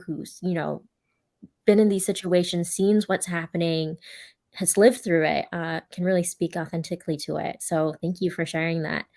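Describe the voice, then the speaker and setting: A woman hosting a casual interview, answering her guest with affirming remarks and asking questions. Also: fairly low pitch. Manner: warm, affirming, with filler words. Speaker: interview host.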